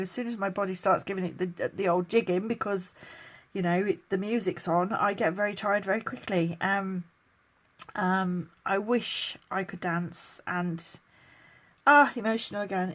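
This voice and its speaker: Middle-aged English woman, casual vlog Q&A, chatty with frequent laughs, weary. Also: medium pitch. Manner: chatty, laughs often, emotional at times. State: tired, chronically ill. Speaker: vlogger. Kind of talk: casual get-to-know-me Q&A.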